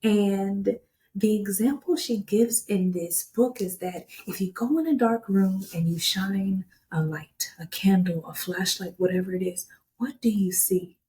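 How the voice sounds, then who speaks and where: A woman's voice: mid-range voice, a little slow, warm tone. A woman hosting a faith radio show, encouraging her guest in a fervent, preacherly way before reading from a devotional. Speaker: radio ministry host. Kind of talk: encouraging ministry talk.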